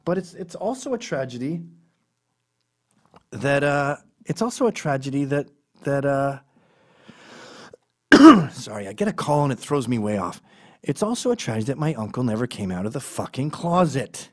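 A man's voice: mid-range voice, moderate pace, long pauses. Profane, rambling male storyteller. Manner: rambling, profane, deadpan asides. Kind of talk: comedic storytelling monologue.

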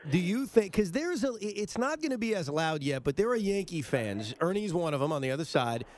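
A man's voice: high-pitched, big pitch swings, a little fast, a little mellow. A man hosting a sports talk radio show, blunt and opinionated as he argues his case.

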